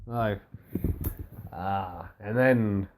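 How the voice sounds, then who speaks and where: A man's voice: on the low side, very slow, a little hiss or hum. A man co-hosting a casual wrestling recap, laid-back and dry, rambling through the show's events. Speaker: podcast co-host.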